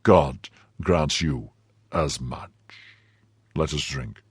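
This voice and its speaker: A man voicing a bitter, brooding nobleman in his cups, speaking slowly and heavily. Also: extremely low pitch, husky, no echo, clean studio sound, pitched below the performer's own voice, full character voice. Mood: grim, brooding.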